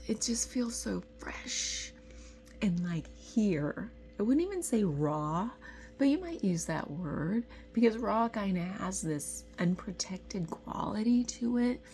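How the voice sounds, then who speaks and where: A middle-aged woman giving an intuitive tarot reading to camera. She is tearful and tender, and drifts into soft whispers when she is moved. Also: medium pitch. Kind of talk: emotional spiritual talk to camera.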